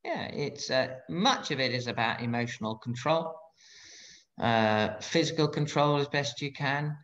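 A man's voice: medium pitch, animated, a bit bright. Blunt middle-aged man, dull lo-fi sound. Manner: blunt, frank, halting with restarts. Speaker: guest, former fighter pilot. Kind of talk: candid interview conversation.

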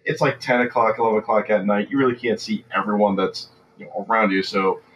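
A man hosting a podcast, telling a story in a relaxed, easygoing way. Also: on the low side, fast talker, lo-fi sound. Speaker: podcast host. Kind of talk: casual podcast chat. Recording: distant mic with faint room noise.

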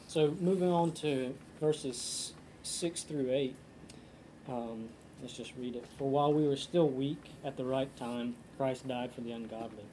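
Man, Bible study leader, casual discussion, thinking aloud, reads scripture, mellow tone. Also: mid-range voice, a little hiss or hum. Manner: earnest, thinking aloud with frequent ums.

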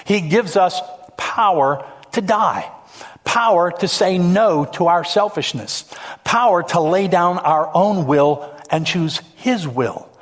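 Male pastor, slightly high, emphatic storytelling sermon. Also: animated, slow pace. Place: church stage.

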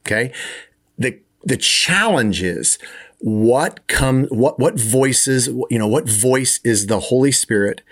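A man preaching a conversational sermon, often restarting and repeating words as he explains. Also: medium pitch. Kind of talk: sermon teaching.

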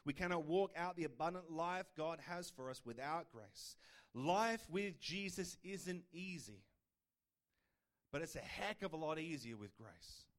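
A man's voice: fairly high pitch, lively intonation, a little slow, a bit bright. A man preaching a sermon in a conversational style, asking the listeners rhetorical questions. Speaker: pastor.

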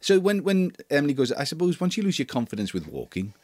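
Lively, animated man co-host. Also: a little high. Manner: lively, jokey, quick to laugh. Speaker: show co-host. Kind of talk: casual chat.

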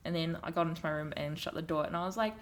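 A woman with a strong New Zealand accent speaks in a casual conversation, her voice sitting a little low. She tells her stories frankly and with emphasis. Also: racing. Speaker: guest.

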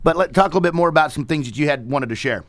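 A man's voice: fairly high pitch, racing, no room sound. A man hosting a radio talk show, folksy and upbeat, speaking into a studio microphone. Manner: folksy, upbeat, plays to listeners. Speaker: radio host.

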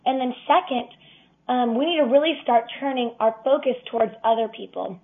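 A woman's voice: on the high side, a little fast. A young woman as a guest, speaking sincerely and encouragingly from her faith. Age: young adult. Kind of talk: casual interview talk. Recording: tinny phone line.

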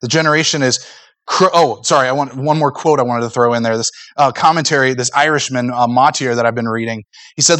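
A man's voice: medium pitch, fast talker, fairly bright tone, no room sound. A man preaching a sermon in an earnest, conversational way, acting out little asides as he goes. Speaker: pastor.

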